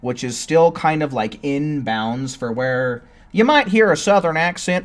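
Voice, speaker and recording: A man's voice: a little high, lively intonation, measured pace. Laid-back man streamer from California. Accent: General American. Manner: laid-back, chatty, answering chat. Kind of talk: casual live-stream chat.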